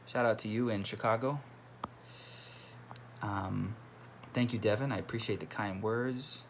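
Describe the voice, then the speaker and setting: Unhurried and on the low side, a man's voice comes through with slight background noise while he livestreams casually as a musician from his computer at home. He keeps up a chatty flow, voicing viewers' comments and welcoming them.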